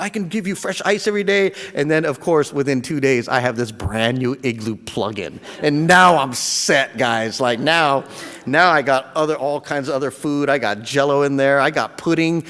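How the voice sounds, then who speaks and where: A man telling a personal story in a casual, animated and heartfelt way, laughing often. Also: mid-range voice. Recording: long reverb.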